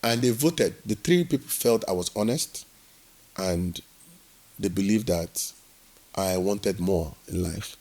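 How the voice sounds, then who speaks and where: A man's voice: low-pitched, slow pace. A man from Nigeria, telling his work story as an interview guest and acting out the dialogue. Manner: animated storyteller who acts out quoted dialogue.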